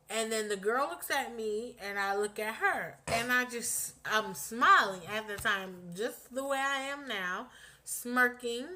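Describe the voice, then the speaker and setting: A young woman casually telling a personal story on her vlog, blunt and profane, acting out what people said. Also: fairly high pitch. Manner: animated, blunt, profanity-laced retelling with acted-out quotes.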